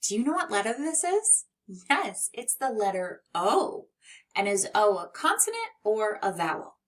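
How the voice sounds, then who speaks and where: A woman teaching a children's phonics lesson, gentle and encouraging, who sounds out and stretches letter sounds. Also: mid-range voice, very animated, unhurried, distant mic.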